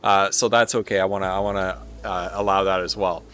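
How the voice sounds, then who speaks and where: A man with a Canadian accent giving casual, rambling live commentary as he plays a strategy game, often pausing on filler words. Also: deep voice, flat delivery, fairly bright tone. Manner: rambling, thinking aloud with frequent filler pauses. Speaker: streamer.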